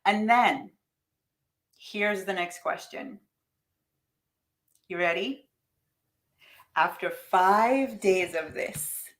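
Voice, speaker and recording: A woman hosting a live-streamed money mindset coaching session. She talks in a high-energy, emphatic way, speaks straight to her viewers and reads their comments aloud.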